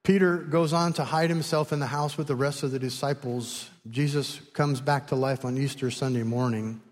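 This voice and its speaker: A man preaching a sermon, retelling a story with lively, animated delivery and acted-out voices. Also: mid-range voice, normal speed, in a large hall. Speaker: pastor.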